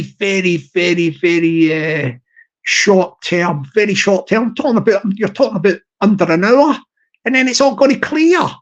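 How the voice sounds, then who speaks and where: A man's voice: very high voice, muffled recording. A man hosting a live stream, rambling in casual chat, repeating himself with an upbeat, ship-captain pep talk.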